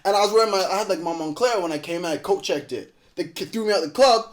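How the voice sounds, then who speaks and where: A young man with a high voice rattles off a story at a rapid clip. He is a podcast guest in casual talk, cursing freely and acting out every voice in the tale. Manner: animated, profane, acts out quotes.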